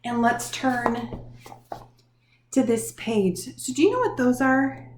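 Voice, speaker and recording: A woman teaching young children in a lively, sing-song manner, encouraging them and talking straight to them. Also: fairly high pitch, slow pace, roomy sound, background noise. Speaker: preschool teacher. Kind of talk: children's lesson.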